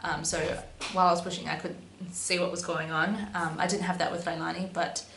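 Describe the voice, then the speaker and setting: A woman's voice: fairly low pitch, level tone, a little fast, creaky, a bit bright. Chatty young woman in an echoey room. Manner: chatty, many "um"s and "but yeah"s. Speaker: vlogger. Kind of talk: casual storytelling to camera. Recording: echoey room with faint hum.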